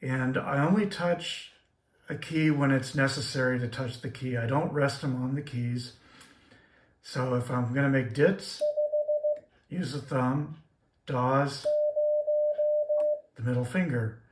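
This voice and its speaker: A man calmly teaching Morse paddle keying in a plain, methodical way, with frequent pauses. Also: medium pitch. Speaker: ham radio operator teaching Morse keying. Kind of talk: casual how-to demonstration. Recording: echoey room with faint noise.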